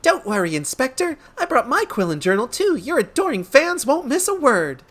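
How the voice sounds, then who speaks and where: Man putting on a high bubbly girl's voice, eager young assistant, cheerful. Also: big pitch swings, normal speed, a bit bright, exaggerated voice. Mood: chipper.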